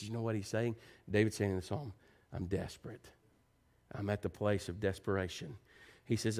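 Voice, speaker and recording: A man preaching a sermon. He moves between quiet, earnest pleading and animated storytelling. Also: moderate pace. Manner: animated, rising to high excited pitch when telling stories.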